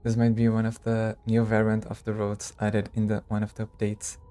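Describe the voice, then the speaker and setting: A male streamer chatting casually with his viewers while he plays, talking low, quiet and gravelly, and laughing often. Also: completely flat delivery. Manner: speaks low and quiet, gravelly, like a movie vigilante; slow, laughs often, talks to chat. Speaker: streamer playing a game. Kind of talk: casual live-stream chat.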